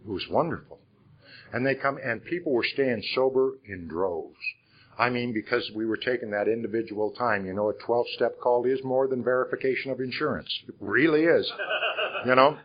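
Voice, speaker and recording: A man's voice: medium pitch, moderate pace, highs cut off. An older man from Iowa telling his life story to a conference audience, conversational and frank, with rhetorical questions. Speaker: speaker at a recovery conference. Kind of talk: personal testimony talk. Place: conference hall.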